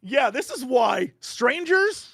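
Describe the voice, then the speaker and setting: Guy with a high bouncy voice doing animated storytelling on a podcast, laughs a lot, acts out the quotes, dry close sound. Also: slow, gravelly, husky, no room sound. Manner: laughs often mid-sentence. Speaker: podcast guest. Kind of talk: casual podcast chat.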